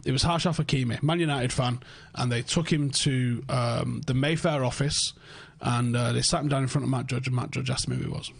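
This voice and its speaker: A man's voice: mid-range voice, fairly even intonation, a little fast, creaky, slightly rough. A man hosting a casual football podcast, swearing freely and acting out quoted conversations. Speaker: podcast host.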